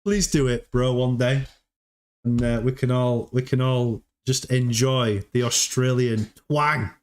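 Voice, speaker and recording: Male livestream host, casual chat, repeats himself, mid pitch, laughs a lot. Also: fairly even intonation, measured pace. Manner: chatty, repeats words, laughs often.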